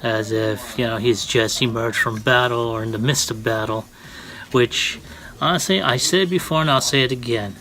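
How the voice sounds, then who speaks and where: A man's voice: medium pitch, normal speed, pushed and bright. A man doing a casual toy review, talking in a rambling, friendly way with many fillers and restarts.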